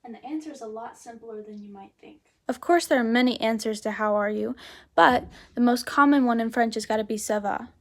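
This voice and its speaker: A woman teaching a beginner language lesson, explaining step by step in a chatty way and saying example phrases with lively rises. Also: on the high side, brisk.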